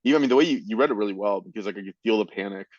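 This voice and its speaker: A man co-hosting a casual podcast, easygoing and halting as he reacts. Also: fairly low pitch, a little mellow, no echo, muffled recording. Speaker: podcast co-host. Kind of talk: casual chat.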